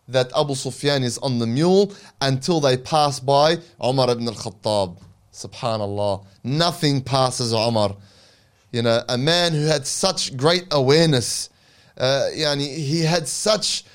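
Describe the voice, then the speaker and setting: A male preacher carries his audience through a dramatic religious story in a storytelling lecture. His voice sits slightly high for a man, and he pauses for reverent asides. The narration moves with dramatic emphasis.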